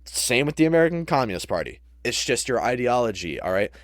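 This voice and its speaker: A man's voice: medium pitch, very animated, fast, no echo, clean studio sound. A man giving casual reaction commentary, rambling and restarting his thoughts as he goes.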